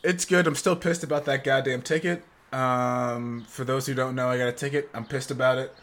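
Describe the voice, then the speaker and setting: Guy in his 30s hosting a chill podcast, jokey and animated, normal pitch. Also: brisk. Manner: animated, joking, trailing restarts. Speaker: podcast host. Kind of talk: casual podcast banter.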